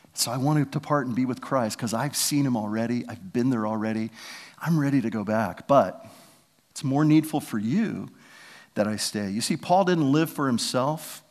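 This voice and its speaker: A man preaching a sermon as pastor, telling stories in a conversational way and acting out what people said. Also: mid-range voice. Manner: conversational storytelling, acting out quotes. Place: church sanctuary. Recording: long reverb of a large hall.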